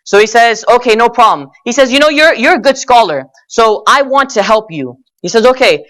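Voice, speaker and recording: A man giving a religious lecture at an Islamic center, telling stories earnestly and slowing down to stretch key words, rising in pitch and force when he argues his point. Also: animated, bright, forceful tone. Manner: rises in pitch and intensity when arguing; addresses audience as brothers and sisters.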